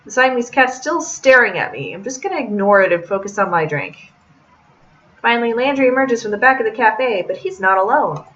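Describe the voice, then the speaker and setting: A woman's voice: mid-range voice, lively intonation, fairly quick, a bit bright, dull audio. A young woman reading a visual novel aloud and adding chatty, joking asides as a let's-play host.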